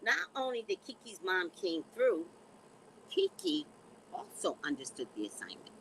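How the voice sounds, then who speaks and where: A woman's voice: mid-range voice, a little hiss or hum, poor audio. A woman chatting to her channel in a blunt, sassy way, leaning on "you know" between thoughts. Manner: animated, drawn-out, repeats "you know". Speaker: vlogger. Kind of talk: casual chat to camera.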